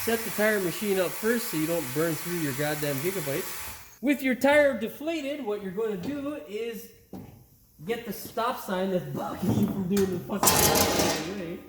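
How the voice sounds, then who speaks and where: A man's voice: high voice, a little slow, background noise. A man hosting a car repair tutorial in his garage. He is upbeat, keeps calling viewers "boys and girls," and curses freely when things go wrong. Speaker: host of a car repair channel. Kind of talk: casual how-to tutorial with outtakes. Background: neighbor's air compressor.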